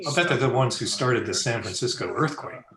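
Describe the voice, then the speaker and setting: A man acting as a wisecracking young fellow who makes sarcastic asides. His voice is mid-pitched. It is heard in a roomy space, as in an old-time radio play recorded over a video call. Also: expressive, a little fast, crowd noise, natural voice. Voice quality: sarcastic, joking.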